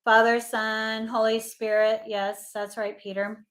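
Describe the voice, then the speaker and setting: A woman's voice: fairly high pitch, level tone, a little slow, fairly bright tone, slight background noise. A woman co-hosting a casual livestream chat, reading trivia questions aloud and repeating the answers.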